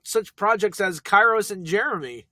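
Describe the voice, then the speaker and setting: A man's voice: high-pitched, expressive, normal speed, pushed and bright, no echo. A man co-hosting a podcast in casual chat, tossing in joking, self-mocking banter. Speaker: podcast co-host.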